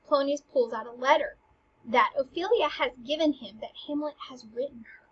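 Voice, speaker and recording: A young woman with a high-sitting voice explains a classic play at a moderate pace in a chatty lesson, reading its lines aloud with dramatic stress on the quotes. The highs of the recording are cut off.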